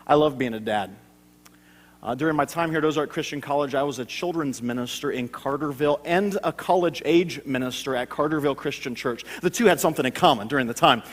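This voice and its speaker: High-voiced man preaching in a hall. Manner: storytelling with frequent stammered restarts. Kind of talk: sermon.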